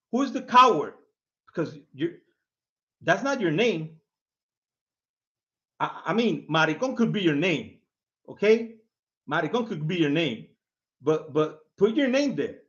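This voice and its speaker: A man's voice: high-pitched, a bit bright, lo-fi sound. A man hosting his own video, mocking a commenter in a casual rant, laughing often and repeating himself with lots of "man". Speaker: video host.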